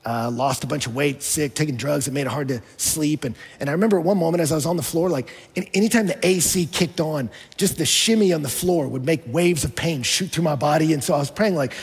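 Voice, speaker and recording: A man's voice: a little high, brisk, hardly any pauses, husky, long reverb tail. A man preaching a sermon as a pastor, telling a story in a conversational way with touches of humor.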